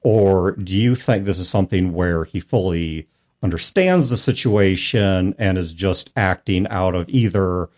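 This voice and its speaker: Male podcast host, lower voice, measured and probing. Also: darkish tone. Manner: careful, probing questions. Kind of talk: casual chat.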